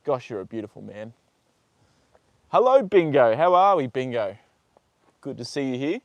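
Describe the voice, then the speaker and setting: Australian male livestream host, mid-pitched, relaxed chatty banter, dry close sound, outdoor paddock. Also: moderate pace, no echo, highs cut off. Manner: chatty, reads out viewer comments, talks fondly to horses, swears casually. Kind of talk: casual livestream chat.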